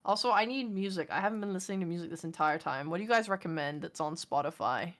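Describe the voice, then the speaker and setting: A woman's voice: lowish voice, quick pace. A woman streaming from home, chatting casually, ranting and swearing as she talks to her chat.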